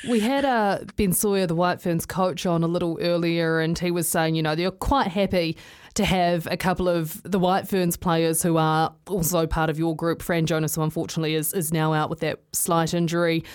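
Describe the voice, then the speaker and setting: Lady sports radio host, low smooth voice, easygoing interview. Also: steady tone, normal speed, darkish tone.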